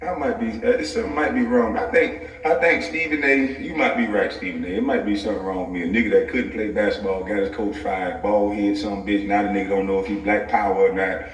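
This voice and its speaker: A man's voice: fairly low pitch, steady tone, fairly quick, hardly any pauses, distant mic. A man vlogging straight to camera in a profane comic rant, laughing often as he talks. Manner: laughs often mid-sentence, loose and profane. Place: home office. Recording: echoey room, voice set back from the mic.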